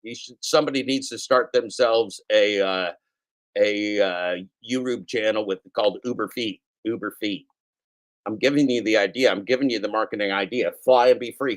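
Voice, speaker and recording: A man's voice: on the low side, a bit bright. A middle-aged man hosting a podcast, riffing crudely and mockingly on the news, his throat scratchy and his voice worn out from daily shows. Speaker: podcast host. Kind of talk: profane comedic news riff.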